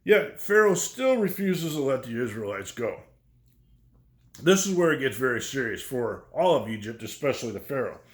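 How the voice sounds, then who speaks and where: A man's voice: mid-range voice, very animated, normal speed. Man lecturing in an echoey room. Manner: conversational, checks in with "right?" and "okay?". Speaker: teacher. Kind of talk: lecture on biblical history.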